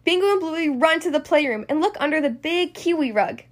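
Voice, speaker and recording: A woman hosting a podcast, reading a children's storybook aloud in a friendly, expressive way. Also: sits high, fairly quick. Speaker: podcast host and storybook reader.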